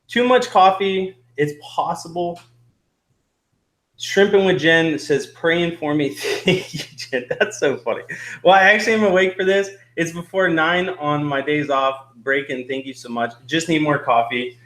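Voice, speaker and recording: Young guy rambling on his live stream, kinda higher voice, nervous little laughs, bit breathless. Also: moderate pace, fairly bright tone. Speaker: host. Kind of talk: casual live-stream chat.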